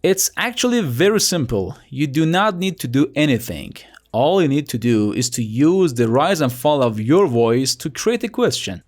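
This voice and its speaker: Young male tutor, chatty and playful, slightly high voice with lively swings, over light music. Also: moderate pace. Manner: playful, chatty, asks rhetorical questions. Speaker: language teacher. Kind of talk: scripted lesson narration.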